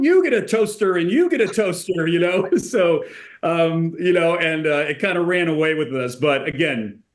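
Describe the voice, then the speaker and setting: A man speaking as a company executive guest in a conversational podcast interview, relaxed, using many casual fillers and getting animated when he tells stories. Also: on the high side.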